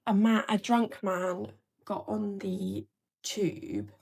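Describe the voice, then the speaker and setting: A woman's voice: medium pitch, big pitch swings, slow pace, vocal fry, darkish tone, slightly rough. Chatty young woman telling a story. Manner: chatty, rambling, filler-heavy retelling. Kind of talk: casual storytelling to camera.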